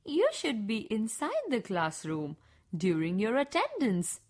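Woman voicing a soft-spoken kind teacher. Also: fairly high pitch, measured pace, heavily acted. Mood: gentle. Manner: soft, calm, reassuring. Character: kind, calm female schoolteacher, gently encouraging.

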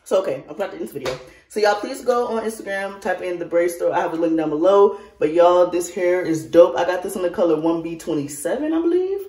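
A woman chatting casually to camera in a beauty vlog, animated and talky, calling her viewers y'all. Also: on the low side, brisk. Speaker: beauty vlogger. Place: bathroom at home. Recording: echoey bathroom.

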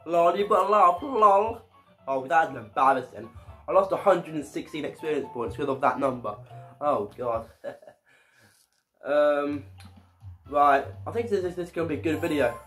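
A man's voice: a little high, lively intonation, moderate pace, long pauses, a bit bright, faint music behind. A man giving casual let's-play commentary as a gaming YouTuber, often stumbling and repeating his words.

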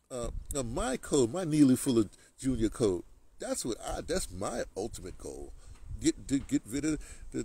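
A man's voice: a little high, vocal fry, dark tone, breathy edge, rough recording. A man delivering a rambling political rant, repeating words and restarting often. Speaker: political commentator. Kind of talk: ranting monologue.

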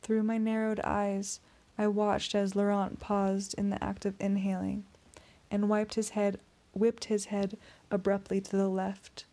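A woman narrating a first-person audiobook in a steady, tense storytelling voice. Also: medium pitch, measured pace.

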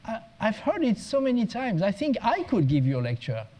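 A bold, cocky chauffeur speaks up in a high, casual voice, as a man acts him out in a talk. He sounds confident and a little cheeky. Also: huge pitch swings, a little fast, warm tone, full character voice.

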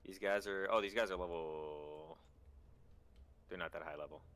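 A man streaming a video game with a friend, talking quickly in casual, teasing chat and swearing freely. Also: low voice, a bit bright, clear, resonant tone. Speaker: streamer playing a game with a guest.

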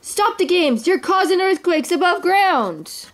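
A woman voicing a miserly, excitable old rich duck uncle, yelling in a shrill voice. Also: normal speed. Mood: alarmed.

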